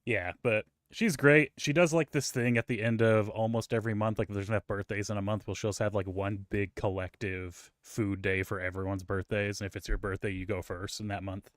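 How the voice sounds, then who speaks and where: A man's voice: on the low side, steady tone, fairly quick, hardly any pauses, no echo, studio quality. A man co-hosting a podcast, chatting casually and telling rambling, profane stories full of fillers. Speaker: podcast co-host. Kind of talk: casual chat.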